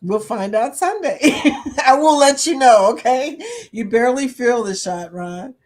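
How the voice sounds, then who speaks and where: Reading viewer comments aloud with frequent laughter, a talkative woman runs a casual livestream. Her somewhat high, slightly mellow voice is animated but a little slow.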